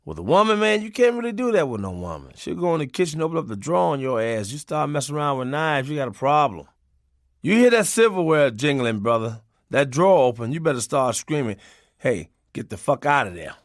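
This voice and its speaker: Profane, loose-talking man with a higher voice. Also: very animated, fairly quick, no room sound, studio quality. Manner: loose, profane, conversational delivery with laughs. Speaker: audiobook narrator. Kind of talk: comic memoir storytelling.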